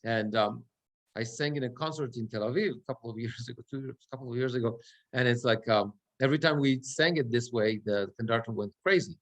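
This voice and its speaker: A man's voice: medium pitch, a little fast. A middle-aged man teaching prayer chant as a cantor, explaining step by step and breaking into short chanted phrases. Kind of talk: relaxed class explanation with sung examples.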